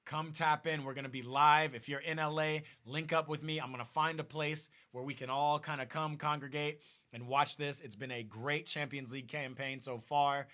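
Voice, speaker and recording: Excitable man, football stream host, forceful bright voice, slightly high pitch. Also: normal speed. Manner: excitable, repeats and restarts, talks to viewers directly. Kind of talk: casual live-stream chat.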